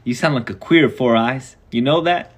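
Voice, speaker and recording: A man's voice: medium pitch, normal speed, lightly acted. A man voicing a big, clumsy schoolyard bully boy who jeers and sneers at a new kid in a storybook reading. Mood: taunting. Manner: jeering, sneering.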